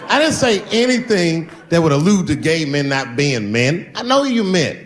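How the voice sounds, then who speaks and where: A middle-aged man delivers a stand-up set into a handheld mic, his voice sitting a little high and swinging widely in pitch. He leaps into loud, high shouts and drops into low put-on voices, with faint ambient noise behind him. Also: sing-song, moderate pace, few pauses, long reverb tail. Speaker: stand-up comedian. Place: stage before a live audience.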